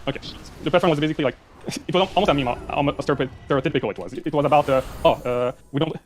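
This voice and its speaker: A man's voice: on the high side, a little hiss or hum. A man from Quebec calling in, arguing with a mocking tone and frequent restarts. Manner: combative, mocking, halting restarts. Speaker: caller. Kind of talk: casual argument.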